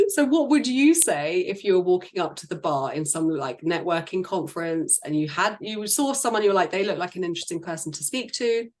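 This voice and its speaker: A woman business and sales coach talking casually in a group discussion, chatty, laughing often and acting out quoted lines. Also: on the low side.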